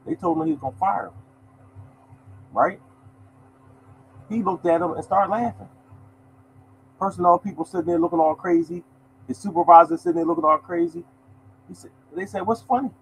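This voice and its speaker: A man hosts his own lottery podcast in a loose, preachy monologue. He hammers points home by repeating them and keeps addressing listeners as y'all. His voice sits a little high. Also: animated, normal speed, gravelly, pauses often, a little hiss or hum, poor audio. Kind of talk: casual motivational monologue.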